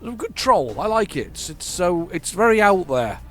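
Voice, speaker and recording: A middle-aged man from northern England with a flat northern accent, chatting casually while playing a driving game, rambling and restarting his sentences. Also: sits high, moderate pace, faint music behind. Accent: flat northern English. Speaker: gaming channel host. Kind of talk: casual let's-play commentary.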